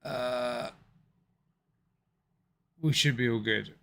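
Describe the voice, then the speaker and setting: A man's voice: mid-range voice, fairly even intonation, very slow, creaky, bright, forceful tone. Muttering man on a live stream. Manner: frustrated, swearing, muttering to himself; apologetic, chatty with viewers. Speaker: livestream host. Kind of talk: casual live stream chat.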